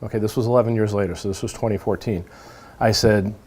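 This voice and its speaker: A police officer in his forties from New England, telling stories in a casual interview and acting out the quoted lines with lively voices. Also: fairly low pitch, fast talker, slightly rough. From New England, United States. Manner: animated storyteller who acts out quoted lines.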